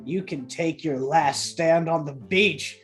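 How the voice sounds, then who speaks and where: A woman's voice: sits low, slow, faint music behind. A woman voicing a crazed male warrior in a tabletop game, who makes a bold, dramatic last stand. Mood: defiant.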